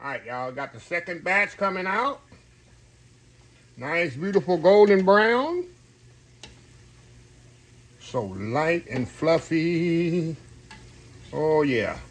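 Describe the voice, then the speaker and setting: A middle-aged man and kitchen manager chatting excitedly in a casual cooking vlog, talking to viewers from his kitchen while the camera sits on a tripod. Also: fairly high pitch, slow, long pauses. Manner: chatty and excited, keeps addressing viewers as y'all. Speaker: home cook and kitchen manager. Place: home kitchen, indoors.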